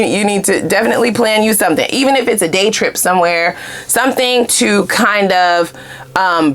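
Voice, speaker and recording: Lower-pitched woman giving a blunt, chatty tarot reading. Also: a little hiss or hum. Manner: chatty, blunt and profane, with frequent "you know what I'm saying"; swings up into loud high exclamations. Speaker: tarot card reader. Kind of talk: casual tarot reading chat.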